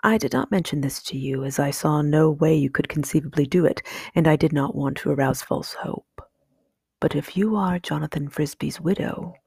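A woman reading aloud, voicing a wise, stern old male owl who speaks slowly and formally. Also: low-pitched, creaky, darkish tone, slightly rough, no room sound, studio quality, exaggerated voice. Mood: earnest. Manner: slow, grave and formal.

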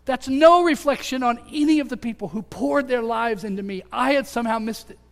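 High-voiced man preaching in echoing hall. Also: a little fast, vocal fry. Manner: earnest storytelling, swings from loud to hushed. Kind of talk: sermon testimony. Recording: long hall reverb.

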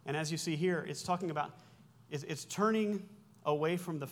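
This pastor, in his forties, talks through Greek words during a sermon in a casual style, with self-corrections and dry side remarks. His voice is on the high side, fairly quick, and barely pauses.

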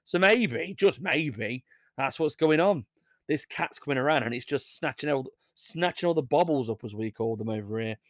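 A man's voice: mid-range voice, lively intonation, moderate pace, dry recording, studio quality. A young English man hosting a casual show, reading odd news stories and rambling through jokey asides that he laughs at. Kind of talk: casual chat.

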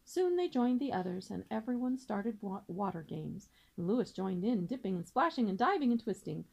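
Expressive woman reading a children's book. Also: medium pitch, fairly quick, creaky, husky, rough recording. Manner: expressive, gentle storytelling. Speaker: teacher reading aloud.

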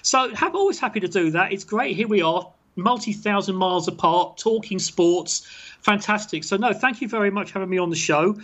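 A man's voice: high voice, a little fast, fairly bright tone, muffled recording. A man with a British accent, chatting casually as a guest on a sports talk show. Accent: British English. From England. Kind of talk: casual chat.

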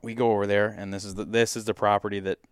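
Low-voiced guy from michigan telling a hunting story, gets animated doing the quotes, dry close mic. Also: fast, smooth, no room sound. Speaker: podcast guest, hunter. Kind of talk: casual storytelling.

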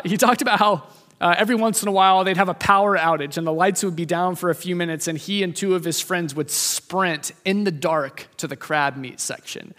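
A male preacher telling a story in a sermon, speeding up and slowing down for emphasis. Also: high voice. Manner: lively storytelling, shifts from fast to slow, emphatic. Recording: long hall reverb.

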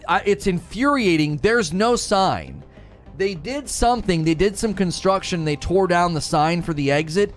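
A man in his thirties casually telling stories to his stream, animated and self-mocking, laughing often. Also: a little high. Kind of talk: casual storytelling to a live stream.

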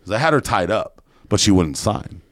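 A man with a very low voice tells a story on a podcast in a blunt, profane way and acts out what other people said. He sounds close and dry, with no room echo. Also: big pitch swings, normal speed, a bit bright. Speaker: guest entrepreneur.

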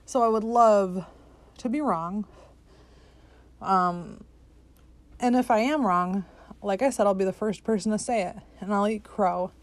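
A woman's voice: mid-range voice, unhurried, long pauses, no room sound. Profane, skeptical woman ranting solo. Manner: profane, skeptical, exasperated outbursts. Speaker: podcast host. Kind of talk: ranting political monologue.

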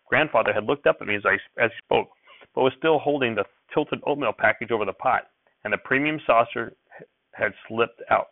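A man reads a novel aloud in a steady, even narration, his voice gravelly and mid-pitched, now and then tripping and correcting himself. The recording is dry and thin, like a phone line. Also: a little fast, no room sound. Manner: steady narration with small slips and self-corrections. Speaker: reader.

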